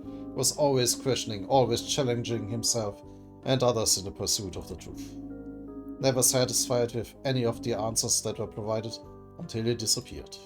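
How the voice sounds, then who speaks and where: A man's voice: mid-range voice, fairly even intonation, normal speed, music in the background, close to an everyday voice. A man voicing a grave, all-knowing male arbiter of philosophers in a game, in a solemn storytelling delivery. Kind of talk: reading game dialogue aloud.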